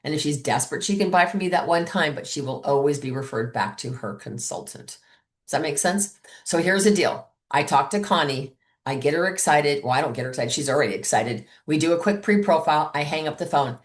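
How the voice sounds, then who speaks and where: A woman's voice: sits low, fairly quick. A woman coaching her sales team in an upbeat way, acting out sample calls and texts as she goes. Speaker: sales trainer.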